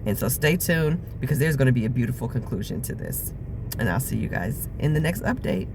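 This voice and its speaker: A woman's voice: very deep voice, expressive, fairly quick, noisy background. A woman vlogger telling her own story in a personal video diary, earnest and reflective, with frequent fillers.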